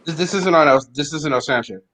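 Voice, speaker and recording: A man's voice: fairly high pitch, a little fast, a bit bright. A man hosting a casual call-in chat, laid-back, laughing easily and repeating himself. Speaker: host.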